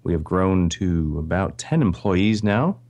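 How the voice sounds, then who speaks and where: A man from Canada speaks with a Canadian accent and a notably deep, low voice. He chats as a podcast guest, friendly and grateful, with a light, self-deprecating touch. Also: animated, measured pace, a little mellow, highs cut off. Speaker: podcast guest, video creator. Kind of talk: casual interview chat.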